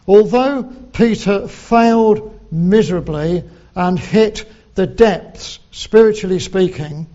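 A man preaching a sermon, slow and deliberate, quoting scripture in old English. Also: high voice, dark tone, muffled recording.

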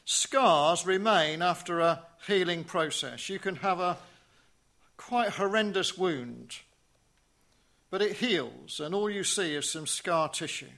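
A man preaching a sermon in a measured way, asking rhetorical questions and dropping to a hush on key phrases. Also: high-pitched, lively intonation, creaky.

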